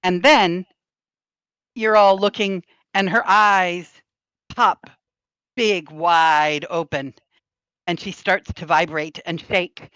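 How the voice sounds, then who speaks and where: A woman running a tabletop game, narrating scenes slowly and expressively as game master. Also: fairly low pitch, clear, resonant tone, no room sound, rough recording. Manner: slow, descriptive, expressive narration.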